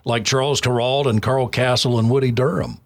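A man's voice: mid-range voice, fairly even intonation, fairly quick. A man hosting an interview, eagerly encouraging his guest with questions. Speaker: interview host.

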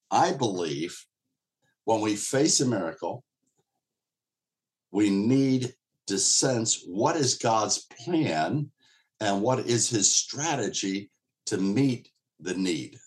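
A man with a fairly low voice gives a casual Bible teaching to an online group. He talks like a pastor chatting with his congregation, calling them folks and circling back over his words. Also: lively intonation, extremely slow, long pauses. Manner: conversational, repeats words and restarts, addresses listeners as folks. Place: streamed church teaching session.

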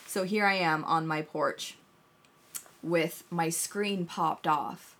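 A woman co-hosting a casual podcast chat, telling a story in an animated way and swearing often. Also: sits low, takes it slowly. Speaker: podcast co-host.

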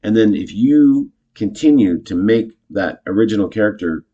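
A man casually teaching improv, chatty and self-correcting, jumping into animated example lines. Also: lowish voice, normal speed, husky, highs cut off.

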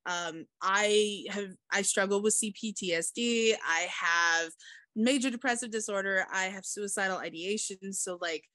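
A woman's voice: medium pitch, unhurried, dry recording. A woman with a mixed Southern accent and a bit of Kansas twang, hosting a casual interview in an open, chatty way. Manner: open, chatty, speeds up when excited. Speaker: podcast host.

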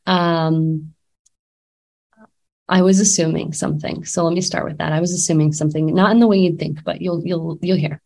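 A woman's voice: deep voice, steady tone, moderate pace, vocal fry, darkish tone. A woman in her thirties, a life coach, talking candidly and casually with many fillers and restarts, a little sick. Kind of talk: casual talk to camera.

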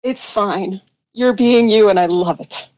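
A woman's voice: mid-range voice, a little slow, darkish tone, highs cut off. A woman guest on a podcast, giggly and playful. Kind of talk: casual podcast chat.

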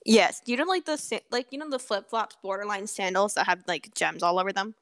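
A woman's voice: medium pitch, fairly quick, a bit bright. A teenage girl co-hosting a podcast, telling a story in casual chat, laughing often and swearing freely. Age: teens. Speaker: podcast co-host.

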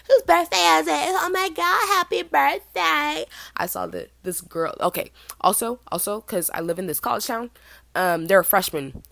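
A young woman hosts her own podcast and chats through a story, animated and quick to mimic other people. Her voice sits fairly low for a woman, and the dry, close recording has no room sound around it. She sounds a little under the weather. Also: dry recording. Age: 20s. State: feeling sick, burping. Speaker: podcast host. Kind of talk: casual storytelling monologue.

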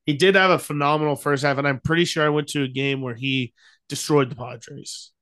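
A man's voice: fairly high pitch, steady tone, fairly quick, a bit bright. Easygoing young man talking sports. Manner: easygoing, frequent ums and restarts. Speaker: podcast co-host. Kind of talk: casual sports chat.

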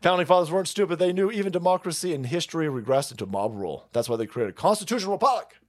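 A man's voice: a little high, animated, rapid-fire. A middle-aged man hosting a livestream, ranting in a profane, rambling and mocking way and thanking viewers for donations. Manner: foul-mouthed, rambling, mocking; reads donor messages aloud. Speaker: livestream host. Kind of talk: profane political rant and chat reading.

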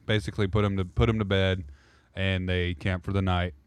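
Low, clear-voiced male game master. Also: little pitch movement, fairly quick, no echo. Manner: loose, rambling narration with self-corrections. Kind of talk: narrating a role-play podcast.

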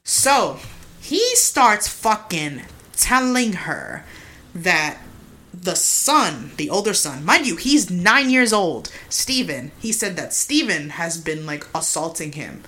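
A woman's voice: lowish voice, very animated, slow pace, bright, forceful tone. A young woman co-hosting a podcast, retelling a true-crime case in a loose, profane chat full of "like" and "mind you". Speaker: podcast co-host.

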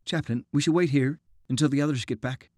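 A man voicing a brisk woman officer who gives clipped, firm orders. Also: mid-range voice, warm tone, dry recording, studio quality, natural voice.

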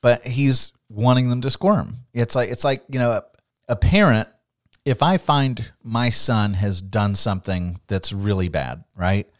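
A man co-hosting a Bible study podcast, teaching in a lively, conversational way, laughing often and acting out quotes. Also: mid-range voice, a little slow, dry recording, clean studio sound.

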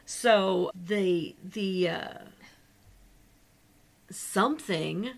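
A woman's voice: medium pitch, very slow, vocal fry. A woman co-hosting a podcast, casually retelling and discussing a book's plot in a chatty way. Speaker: podcast co-host.

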